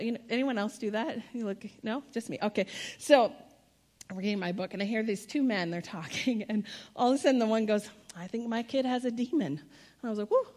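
A woman with a fairly high voice preaches to a church congregation. Her delivery is chatty and playful, then earnest, and she often asks the room questions. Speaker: guest speaker. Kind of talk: sermon. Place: church auditorium.

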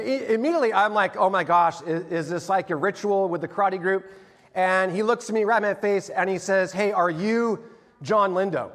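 A middle-aged male pastor preaching a sermon and telling personal stories, growing animated as he acts out scenes. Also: high voice. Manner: storytelling, animated when acting out scenes. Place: church sanctuary. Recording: long hall reverb.

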